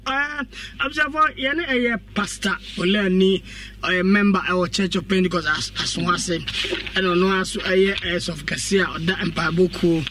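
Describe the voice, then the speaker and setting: Bright high-voiced radio host. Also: male voice, recorded from a distance, slight background noise. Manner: attentive, affirming interviewer. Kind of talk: radio interview.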